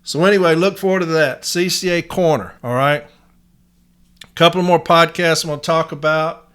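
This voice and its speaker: A man's voice: a little high, moderate pace, a bit bright, clear, resonant tone. A man from Nashville, Tennessee, with a Southern accent, hosting a podcast in a blunt, folksy monologue. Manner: blunt, folksy, uses y'all. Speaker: podcast host.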